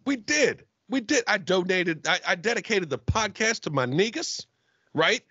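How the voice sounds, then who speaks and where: A man's voice: sits high, lively intonation, normal speed, sharp tone, breathy edge, no room sound, highs cut off. A man co-hosting a comedy podcast over a call, ranting in crude, mock-angry banter. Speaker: podcast co-host. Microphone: remote call mic.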